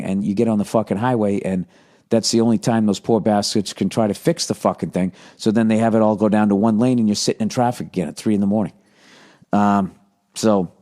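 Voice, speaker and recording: A man's voice: on the low side, dark tone. Profane, rambling middle-aged man. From United States. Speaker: podcast host. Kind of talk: casual monologue.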